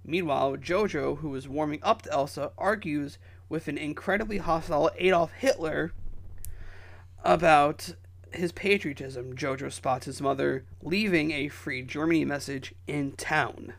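Gravelly-voiced man co-hosting a podcast. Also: fairly high pitch, a bit bright. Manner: exasperated, laughing, reads haltingly. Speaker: podcast co-host. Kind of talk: casual podcast chat.

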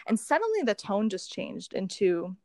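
A woman's voice: medium pitch, moderate pace, dry recording. Young woman chatting, acts out the other voices, laughs a lot, dry close sound. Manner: animated, acts out quoted dialogue, laughs often. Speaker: guest sharing birth story. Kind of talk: casual conversational storytelling.

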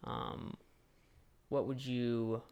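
A man's voice: medium pitch, drawn-out words, vocal fry, darkish tone, clean tone. A young adult man interviewing a fellow student, rambling and searching for words with lots of "like". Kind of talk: casual interview chat.

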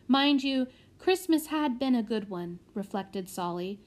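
Measured woman narrator for a children's audiobook, unhurried, a touch high. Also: expressive, a little mellow. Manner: measured, with small slips corrected.

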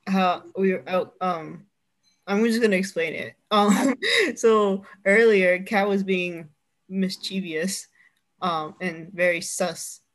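A woman's voice: lowish voice, slow pace. A young woman co-hosting a casual chat podcast, telling a story and laughing often as she goes. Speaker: podcast co-host.

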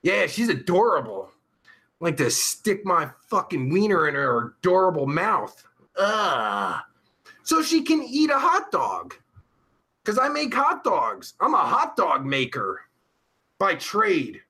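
On his live chat show, a man reads viewer messages aloud and riffs on them, rambling, vulgar and quick to get riled up. His high voice is bright and edgy, with huge pitch swings, though his pace stays unhurried.

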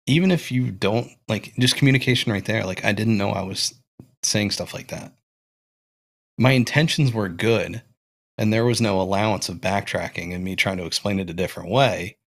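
A man's voice: low-pitched, a bit bright. A young man hosting a casual podcast, thinking aloud as he talks, with frequent restarts and fillers. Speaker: podcast host.

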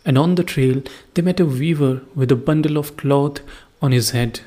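A man narrating a folk tale in a slow, deliberate storybook style. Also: mid-range voice, dark tone.

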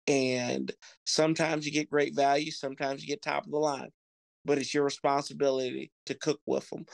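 A man's voice: medium pitch, gravelly, no echo. A man appearing as a podcast guest, laid-back and rambling, with lots of filler words. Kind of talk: casual podcast chat.

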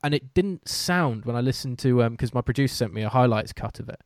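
Chatty British commentator, dry sound. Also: male voice, mid-range voice, animated, fast talker, dry recording. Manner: chatty, self-deprecating, many fillers and restarts. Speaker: host and sports commentator. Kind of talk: casual podcast chat.

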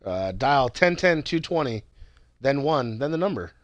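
A man's voice: medium pitch, very animated, measured pace, no echo, highs cut off. A man co-hosting a podcast, joking loosely and swearing a lot in casual banter. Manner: loose, swearing, jokey, rambling. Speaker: podcast co-host.

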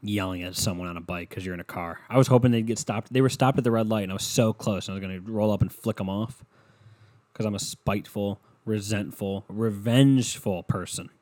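A man's voice: lowish voice, fairly quick, a little mellow, no room sound. A young man hosting his own podcast, rambling and swearing casually with self-mocking humor, speaking into a headset at home. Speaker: podcast host. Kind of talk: casual solo podcast rant.

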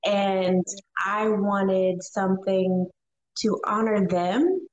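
Woman guest talking slow and sincere, really means every word. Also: medium pitch, echoey room, highs cut off. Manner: slow, heartfelt and earnest. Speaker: guest, cannabis grower. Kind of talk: casual chat.

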